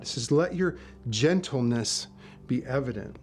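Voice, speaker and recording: A man's voice: medium pitch, lively intonation, normal speed. Man preaching a conversational sermon. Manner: conversational storytelling with frequent restarts. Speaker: pastor and former police officer.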